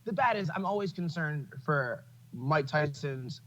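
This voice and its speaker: A podcast host chats casually, his voice on the high side, expressive and a little slow, with the highs cut off. He swears freely, airs strong opinions, and laughs as he tells his stories.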